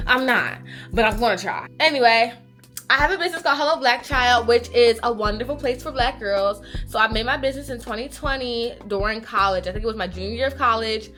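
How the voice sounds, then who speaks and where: A woman in her 20s, a small business owner and vlogger, talks casually and candidly to a handheld phone camera in an indoor warehouse, a bit out of breath. Her voice is on the high side with a sharp tone, and she's chatty, candid and swearing.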